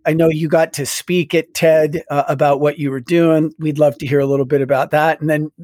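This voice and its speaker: A man's voice: on the high side, level tone, fairly quick, a little mellow, dry recording, clean studio sound. A man hosting an interview, asking long, rambling questions full of fillers. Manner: rambling, searching for words with many fillers. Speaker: host.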